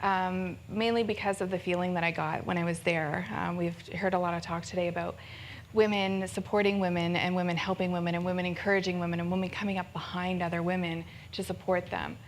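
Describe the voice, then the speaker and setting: A woman's voice: on the low side, level tone, fairly quick, a little hiss or hum. A woman from Ontario in her thirties gives a candid, self-deprecating personal story at a fundraiser on stage, laughing often. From Ontario, Canada. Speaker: fundraiser speaker. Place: event stage with audience.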